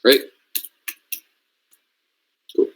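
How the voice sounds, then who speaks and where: This young Canadian man draws out his words, and the audio is poor, with a faint hiss or hum. As a robotics programming mentor, he leads a relaxed screen-share coding session, reasoning out loud and frequently making sure everyone follows.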